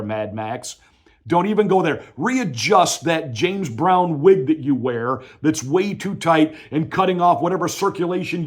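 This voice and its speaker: A male pastor giving political commentary in a combative, emphatic, mocking way. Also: fairly high pitch.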